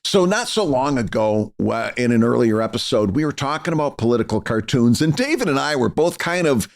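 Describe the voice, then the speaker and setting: A man's voice: medium pitch, big pitch swings, a little fast, creaky. A middle-aged man co-hosting a podcast, giving earnest advice in casual chat with lots of fillers and restarts. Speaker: podcast co-host.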